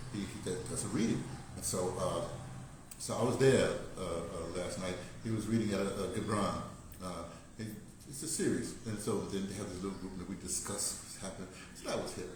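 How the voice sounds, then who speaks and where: A man's voice: fairly low pitch, noisy background. An older American man talking in a rambling, casual monologue, digressing and laughing often. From United States. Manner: digressive, laughing, many restarts. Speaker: vlogger. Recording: very echoey room.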